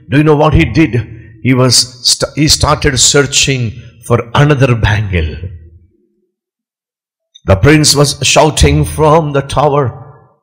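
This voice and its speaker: A man's voice: a little high, a bit bright, breathy edge. A male pastor preaching a sermon, emphatic and repeating his key phrases.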